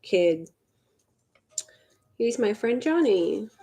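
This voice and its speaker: A woman's voice: mid-range voice, sing-song, very slow, mellow. Rambling Southern woman chatting while beading. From Mississippi. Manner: rambling, offhand, swears casually. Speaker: livestream host. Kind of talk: casual chat while beading.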